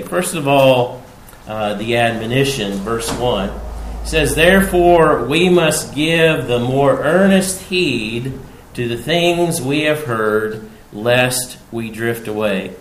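A man preaching an expository sermon, taking his time over each phrase. His voice climbs in pitch and volume when he quotes scripture. The sound carries the echo of a large sanctuary over a faint background hum. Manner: measured preaching, rising loud emphasis on scripture quotes. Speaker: pastor. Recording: roomy hall sound with faint background noise.

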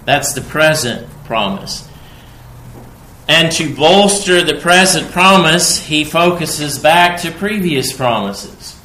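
A man delivers an expository sermon at a slow, deliberate pace, and his voice rises with emphasis on quoted verses. His tone is bright and forceful. The sound is roomy and echoing, with a faint ambient hum behind it. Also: a little high, expressive. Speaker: preacher. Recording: echoey room.

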